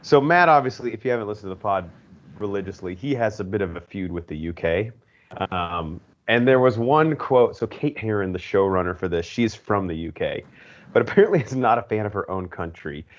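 A man's voice: on the low side, lively intonation, brisk, muffled recording. A man hosting a podcast, chatting enthusiastically in a casual way with frequent fillers. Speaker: podcast host. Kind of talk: casual chat.

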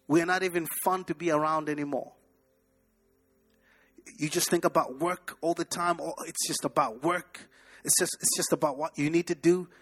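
High-voiced emphatic man preaching. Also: a bit bright. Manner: emphatic, repetitive preaching with sudden bursts and drops. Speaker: pastor. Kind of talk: sermon. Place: church service.

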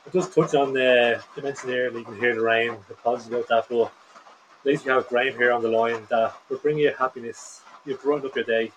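A man's voice: mid-range voice, fairly even intonation, fast, rough recording. Dry-humored man, faint noise. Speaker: podcast co-host. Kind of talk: casual podcast chat.

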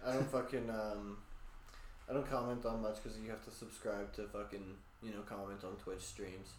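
A man's voice: fairly low pitch, little pitch movement, moderate pace, reverberant, a little hiss or hum. A man co-hosting a podcast, speaking in a laid-back, hesitant way in casual chat. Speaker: podcast co-host.

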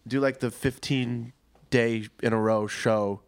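A man's voice: mid-range voice, steady tone, slow pace, clean tone, dry recording. A young man, a band frontman guesting on a podcast, chatting casually and rambling with lots of fillers. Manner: laid-back, rambling with many fillers. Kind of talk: casual chat.

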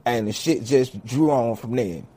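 Husky man telling a profane comic story. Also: mid-range voice, measured pace. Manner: swears heavily, animated, acts out each character.

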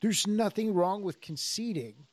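Animated man telling grappling stories. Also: high-pitched, unhurried, no echo. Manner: animated storyteller, acts out quoted dialogue. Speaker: jiu-jitsu instructor and podcast co-host. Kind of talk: casual podcast chat.

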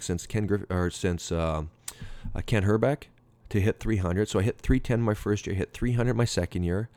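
A middle-aged man with a very low, dark voice tells a story in loose, rambling fashion. He acts out dialogue and keeps restarting his sentences. The recording is close and dry. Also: no echo. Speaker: former pro baseball player. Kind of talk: anecdotal storytelling.

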